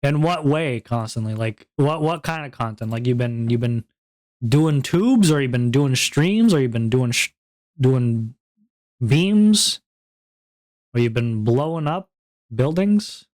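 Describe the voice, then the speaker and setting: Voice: mid-range voice, animated, takes it slowly, a little mellow. A VTuber streamer in casual live-stream chat, joking around and reading viewers' messages aloud before answering them. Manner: playful, goofy, jokey banter.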